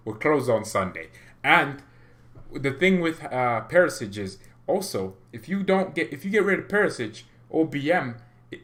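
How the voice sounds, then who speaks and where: A man hosting a football fan livestream, talking in a rambling, excitable way with lots of restarts. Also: medium pitch. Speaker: fan channel host.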